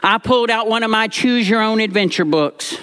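A man telling a funny personal story from his childhood with comic timing and drawn-out pauses. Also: high-pitched, a bit bright, clean tone.

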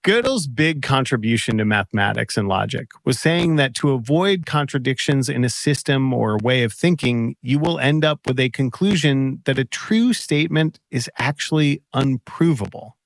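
A man's voice: mid-range voice, expressive, moderate pace, creaky, hardly any pauses, no room sound. A man co-hosting a podcast, narrating scripted explanations between interview clips. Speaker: co-host.

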